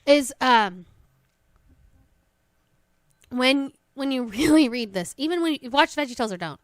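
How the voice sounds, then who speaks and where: A woman co-hosting a podcast in animated, casual chat, laughing often. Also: high voice, normal speed, long pauses, dry recording, studio quality. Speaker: podcast co-host.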